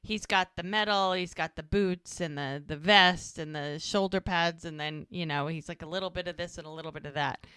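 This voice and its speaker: This podcast co-host, an American woman, has a fairly low, clear, resonant voice and speaks at normal speed with few pauses. Recorded dry, she chats casually through an episode recap, wandering off track and bringing quotes to life with lively character voices.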